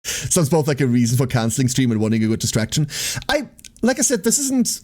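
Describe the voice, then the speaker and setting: A man's voice: mid-range voice, huge pitch swings, fairly quick, mellow. Young guy streamer rambling to chat, tons of "like", swears a lot, just venting. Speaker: livestreamer. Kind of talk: casual venting chat with viewers.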